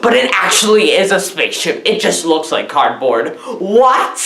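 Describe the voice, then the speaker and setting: A woman giving a rambling comic film review, loud and scattered, jumping between silly asides and squealed quotes. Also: low voice, sing-song, normal speed, creaky, reverberant. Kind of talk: rambling deadpan comedy review.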